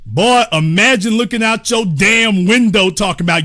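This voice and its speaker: A man's voice: sits high, unhurried, creaky. A man hosting a show, giving casual, joking commentary on a video and talking straight to his viewers. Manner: animated, joking, talks to viewers as y'all. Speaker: host.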